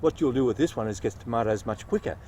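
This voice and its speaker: A man's voice: mid-range voice, animated, quick pace, darkish tone, slight background noise. A man, a nurseryman explaining patiently and cheerfully how to dig a garden bed and plant tomatoes. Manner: patient, upbeat explaining while digging and planting.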